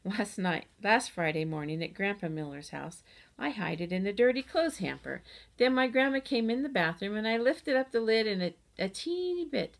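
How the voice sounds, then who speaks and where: A woman reading a storybook aloud in the voice of a chatty, boastful kindergarten girl who tells her own story with lively, childlike grammar. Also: mid-range voice, gravelly. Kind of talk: audiobook reading.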